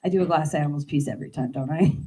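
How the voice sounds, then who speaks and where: A woman's voice: sits low, racing, warm tone, husky, poor audio. A woman singer-pianist and piano teacher chatting casually between songs at a live performance, self-deprecating and laughing at herself, speaking into a stage microphone. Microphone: stage microphone while at the piano.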